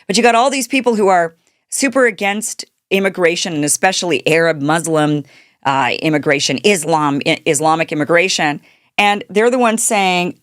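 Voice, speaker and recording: A woman's voice: fairly low pitch, expressive, a little fast, dry recording, studio quality. A woman hosting a political commentary show, talking off the cuff in an indignant tone, firing rhetorical questions and restarting her sentences. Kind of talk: unscripted political commentary monologue.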